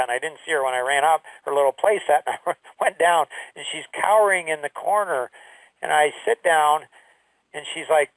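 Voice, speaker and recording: A middle-aged man talking earnestly and haltingly, sharing a personal story of loss. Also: fairly high pitch, fairly bright tone, no room sound, distant mic, rough recording. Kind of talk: emotional personal talk.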